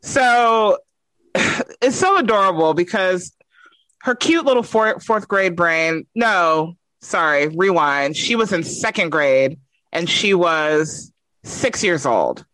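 A mother appears as a podcast guest, telling a story about her young daughter in casual conversation and expressively acting out both sides of the dialogue. Her voice is lowish and slow-paced, with no room sound.

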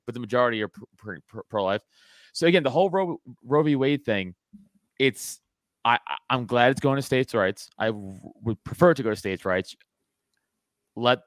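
A man's voice: medium pitch, dry recording, clean studio sound. A man hosting a casual podcast chat, swearing a lot and restarting his sentences as he talks. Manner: profane, animated, frequent restarts. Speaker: podcast host.

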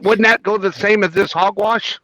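A man's voice: high-pitched, fairly even intonation, normal speed, pushed and bright, low-quality recording. A man co-hosting a casual podcast chat, still in his morning voice, joking and stumbling as he reads trivia aloud. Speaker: podcast co-host.

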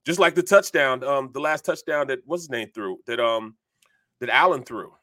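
A middle-aged former football lineman shares animated, rambling, filler-filled stories as a sports talk co-host. He talks at medium pitch and normal speed.

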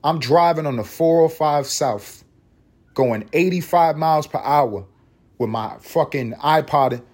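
A young man from the United States who hosts a podcast, telling a story in casual solo chat, animated, with big swings in pitch and loudness. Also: a little slow. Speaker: podcast host.

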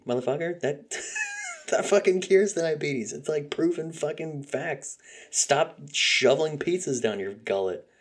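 Male podcast host, deep voice, solo rant, heated and foul-mouthed. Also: slightly rough. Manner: profane, heated ranting; frequent fillers and sarcastic laughs.

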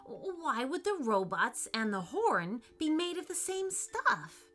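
An excitable young prince who worries out loud, squeaking high and darting all over , as a woman reading a storybook puts him on. The tone is bright and lively, with soft music in the background. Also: slow, full character voice. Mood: eager. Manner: high-pitched and eager.

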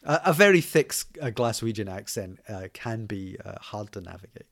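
Man, podcast guest, gravelly voice, lowish pitch, halting delivery. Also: expressive, fairly bright tone. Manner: hesitant, restarts with filler words. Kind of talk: conversational interview.

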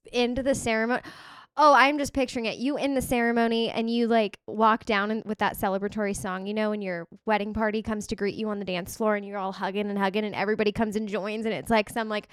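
A woman co-hosting a podcast, talking in a chatty, animated way full of "like". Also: medium pitch, fast, clean tone, no room sound, studio quality. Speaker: podcast co-host. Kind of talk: casual chat.

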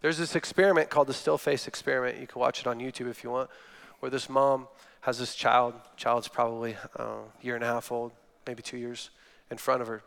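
A man's voice: mid-range voice, level tone, brisk, creaky, fairly bright tone. A man in his thirties, a guest speaker giving a sermon, telling stories and acting out quotes. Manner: storytelling with acted-out quotes. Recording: long hall reverb.

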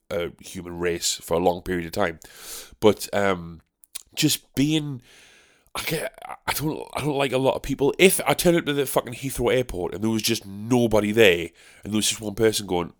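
A man's voice: fairly low pitch, no echo, studio quality. A young man from North East England, hosting a casual solo podcast, rambling and sarcastic, swearing freely. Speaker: podcast host.

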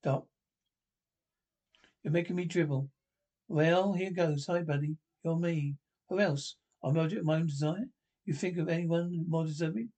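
A man's voice: fairly high pitch, steady tone, moderate pace, darkish tone. A man reading a comedy TV script aloud, voicing every part himself and reading the stage cues plainly between the lines. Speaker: podcast reader.

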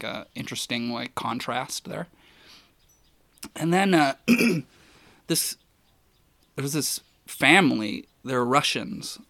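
A photographer telling a long story in a casual, rambling way, with many restarts and fillers. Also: male voice, medium pitch, creaky, sharp tone, no echo.

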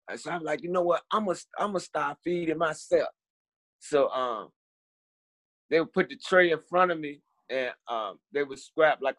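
A middle-aged man from Richmond, a podcast guest telling his story in a halting way, repeating words and acting out the people he quotes. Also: a little high, a bit bright, no echo. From Richmond, Virginia. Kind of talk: storytelling interview.

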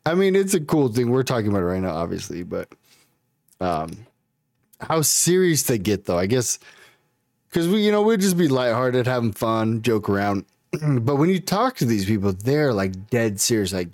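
Young male podcast co-host, loose joking chat, very animated pitch, dry close sound. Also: moderate pace, no echo. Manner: loose and joking, swears freely, acts out what he'd say. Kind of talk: casual chat.

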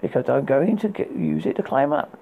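A man's voice: fairly high pitch, animated, moderate pace, creaky, phone-quality sound, heavily acted. A man reading aloud and voicing a jealous, scheming enchantress, haughty and scolding. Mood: coaxing.

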